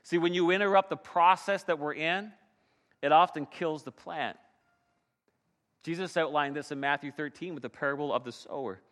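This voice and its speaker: A man preaching a sermon in a church sanctuary, his delivery swinging between quiet, reflective stretches and loud, emphatic ones. His voice sits high and bright. A long reverb trails after his words. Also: moderate pace. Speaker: pastor.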